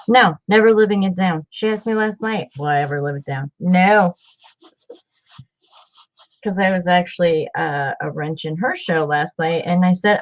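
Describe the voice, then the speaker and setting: A woman hosting a casual craft livestream, chatting warmly and rambling, repeating herself as she works. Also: lowish voice, moderate pace, pauses often, muffled recording.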